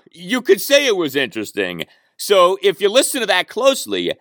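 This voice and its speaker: A man hosting a sports podcast, telling a story in an animated, amused way. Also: mid-range voice, no room sound, studio quality. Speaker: podcast host. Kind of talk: casual sports chat.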